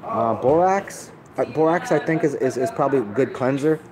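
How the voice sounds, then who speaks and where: A man's voice: medium pitch, moderate pace, crowd noise, rough recording. A man rambling casually to his live-stream viewers, laid-back and profane, often restarting his sentences. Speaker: livestreamer answering chat.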